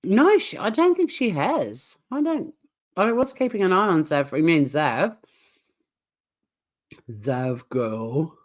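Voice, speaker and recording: A woman's voice: low voice, sing-song, slow, long pauses. An Australian woman co-hosting a casual reaction chat, blunt, swearing and laughing often. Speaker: channel co-host.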